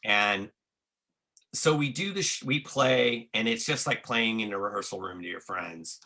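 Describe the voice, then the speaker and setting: A man's voice: on the low side, expressive, measured pace, pushed and bright. A man casually telling a tour story, swearing freely, restarting sentences and acting out what others said. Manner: profane, restarts a lot, acts out quotes.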